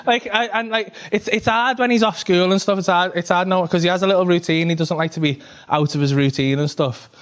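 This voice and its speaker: A man's voice: high-pitched, fairly even intonation, a little fast, few pauses. A man doing a stand-up comedy set, telling a rambling, sweary story full of fillers. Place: comedy club stage. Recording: noisy live club recording. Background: audience laughter.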